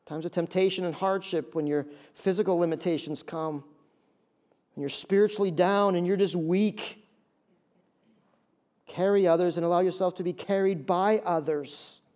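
A man preaching a sermon as pastor, animated, acting out voices and repeating key phrases. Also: high voice, normal speed. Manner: animated, acts out voices of listeners.

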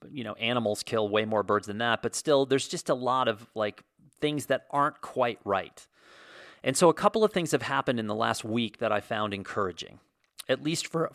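A man's voice: medium pitch, a bit bright, no echo, studio quality. A man from the United States hosting a vlog, giving an opinionated monologue in a ranting, sarcastic way with lots of fillers. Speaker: video host.

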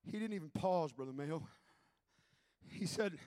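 A man preaching a Pentecostal sermon, shouting his points with rising fervor and then dropping low to tell a story. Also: lively intonation, unhurried, dry recording. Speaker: pastor.

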